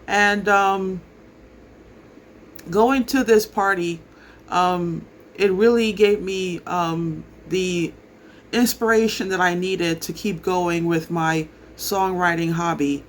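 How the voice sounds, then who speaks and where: An entertainment commentator talks casually in a steady, medium-pitched voice at a slow pace, with a little hiss or hum in the recording. The delivery is hesitant, full of ums and restarts.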